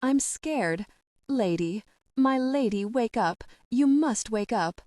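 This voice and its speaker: A woman's voice: fairly low pitch, sing-song, a little slow, no echo. A woman voicing a small, frightened boy who pleads desperately, close to tears, in an audiobook. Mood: pleading.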